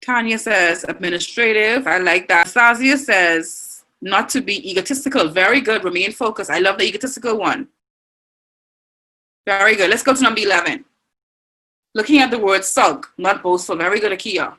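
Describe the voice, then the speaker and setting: A woman's voice: mid-range voice, normal speed, sharp tone. A woman with a Bahamian accent teaching an online language class, reading out students' answers and praising them. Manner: encouraging, reads out students' chat answers.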